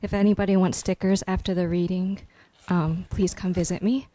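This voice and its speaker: Young woman poet, chatty and playful, low-ish mellow voice, dry sound. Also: level tone, no echo, poor audio. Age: young adult. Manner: playful and talkative between slow deliberate readings. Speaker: poet reading her work. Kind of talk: poetry reading with chatty asides.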